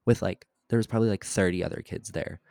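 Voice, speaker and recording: A man's voice: sits low, fast talker, gravelly, mellow, no room sound. Young man telling a story on a dry mic. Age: young adult. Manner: storytelling, reenacting overheard lines with many "like" fillers. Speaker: podcast co-host. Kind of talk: casual chat.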